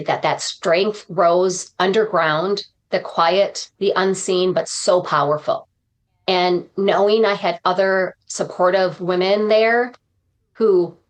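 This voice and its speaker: A woman guest on a podcast, a motivational speaker talking in an earnest, reflective way and dropping uplifting sayings. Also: on the low side. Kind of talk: podcast interview conversation.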